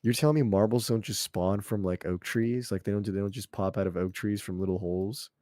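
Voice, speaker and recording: A young man chatting casually as a podcast co-host, rambling and excitable, swearing often. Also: lowish voice, brisk, no echo, clean studio sound. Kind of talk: casual chat.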